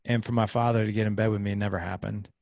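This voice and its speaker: Gravelly-voiced man telling a story. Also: lowish voice, racing, dry recording, clean studio sound. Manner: animated storyteller acting out quoted voices. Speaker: podcast guest. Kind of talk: casual interview storytelling.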